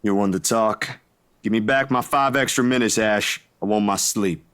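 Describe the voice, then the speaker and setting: A man voicing a groggy young man just woken at dawn, talking in a low sleepy drawl in a game playthrough. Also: moderate pace, fairly bright tone, lightly acted.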